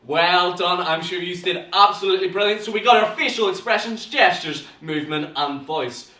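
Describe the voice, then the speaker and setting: A young man with a Northern Irish accent, teaching an online acting class to viewers in an animated, theatrical way full of gasps and sudden bursts. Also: high-pitched, moderate pace, echoey room, distant mic. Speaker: drama teacher.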